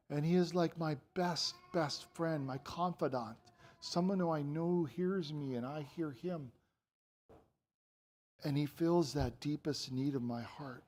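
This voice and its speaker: A man preaching a sermon in a church, earnest, moving between quiet intimate passages and emphatic raised lines. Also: fairly high pitch, unhurried. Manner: earnest, swings from soft to emphatic.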